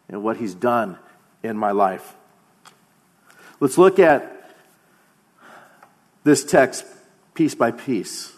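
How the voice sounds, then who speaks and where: A man in his thirties preaching a sermon as pastor, earnest, often slowing down and dropping to a quiet voice for emphasis. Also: medium pitch, husky. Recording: long hall reverb.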